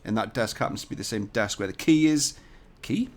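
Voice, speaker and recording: Animated and fairly quick, this man's voice falls on the low side. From a hotel room, he streams a live CAD design tutorial, chatting casually and jokingly with viewers and swearing sometimes, through a desk mic lacking a pop filter and shock mount.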